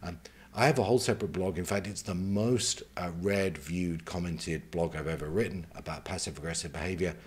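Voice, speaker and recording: A man speaking as a career mentor, giving advice in a measured, conversational way and taking his points one at a time. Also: sits low, slightly rough.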